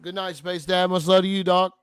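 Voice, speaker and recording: A man hosting a casual livestream chat, hyped and slangy, shouting out people in the chat. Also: sits high, little pitch movement, a little fast, smooth, no echo. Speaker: livestream host and DJ.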